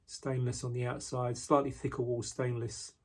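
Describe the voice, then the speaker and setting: A man casually showing the knives he makes, talking in a relaxed way with frequent ums and restarts, indoors in his workshop. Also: mid-range voice, normal speed. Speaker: knife maker. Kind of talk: casual product walkthrough.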